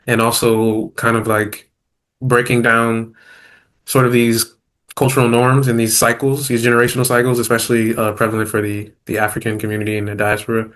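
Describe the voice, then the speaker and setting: Man, show host, mid-range pitch; casual and halting, many restarts and fillers. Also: completely flat delivery, fairly bright tone. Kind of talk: casual discussion.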